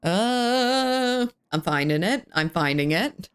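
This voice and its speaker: Young woman streamer chatting w/ chat, kinda rough voice, playful, dry no-room sound. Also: on the low side, expressive, unhurried, dry recording. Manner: chatty and playful, greets viewers by name. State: slightly rough voice. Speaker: live streamer. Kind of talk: casual live-stream chat, reading chat aloud.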